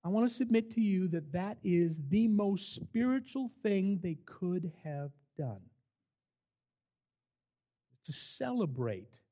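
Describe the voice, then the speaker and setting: An older man preaching to a camp crowd in a fairly high voice. He is an emphatic storyteller who throws himself into each anecdote. He swings between lively bursts and quieter, earnest stretches. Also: takes it slowly. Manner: animated, emphatic storyteller who acts out quotes. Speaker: camp director. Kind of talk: sermon with storytelling.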